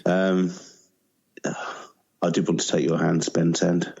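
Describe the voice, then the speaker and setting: A man's voice: sits low, completely flat delivery, takes it slowly, gravelly, a little mellow, slightly rough. A man co-hosting a podcast, casual and given to dry, jokey asides. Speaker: podcast co-host. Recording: dull lo-fi mic.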